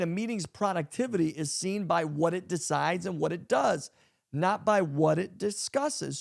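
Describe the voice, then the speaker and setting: A pastor hosts a casual podcast and talks about leadership in a high, gravelly voice. He drives his points home with emphasis and repeats key lines. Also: a little mellow.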